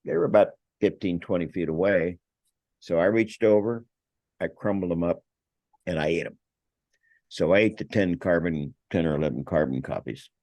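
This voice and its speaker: An older man with a very low voice tells a lively anecdote as a podcast guest and acts out the other people in it. He swears freely. The sound is close and dry. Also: normal speed, dry recording. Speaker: guest, vineyard owner. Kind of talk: casual anecdote telling.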